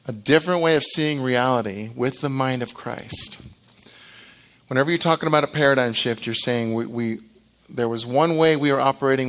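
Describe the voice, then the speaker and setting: Animated middle-aged male preacher. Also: mid-range voice. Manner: animated, acts out quoted reactions, frequent restarts. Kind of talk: sermon.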